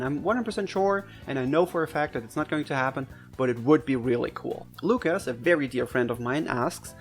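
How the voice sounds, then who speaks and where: A man from Germany with a German accent, casually answering viewer questions for his gaming channel, chatty and quick to laugh, his pitch jumping up when excited. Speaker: gaming video creator.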